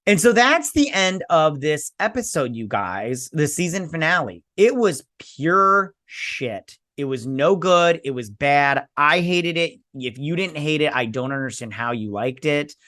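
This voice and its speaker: A man talks through a casual review vlog in a blunt, sarcastic, dismissive way. His voice sits a little high for a man. The recording is close and dry, with almost no room sound. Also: lively intonation, moderate pace, hardly any pauses, bright, forceful tone, no echo. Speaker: host.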